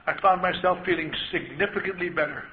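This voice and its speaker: An older man holds forth at a recovery meeting, spinning wry, self-deprecating tales and slipping into the voices of the people in them. His voice sits a little high for a man. The live recording is muffled and carries steady hiss. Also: fast talker. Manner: wry, self-mocking storyteller, acts out voices. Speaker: AA speaker. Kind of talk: storytelling talk to an audience. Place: large meeting hall. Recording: dull lo-fi live tape with hiss.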